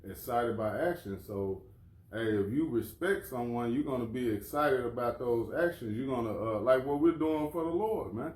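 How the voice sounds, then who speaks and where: A man's voice: medium pitch, normal speed, a little mellow, roomy sound. A man leading an informal religious lesson, casual and conversational, often calling people "man" and "bro". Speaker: lesson leader.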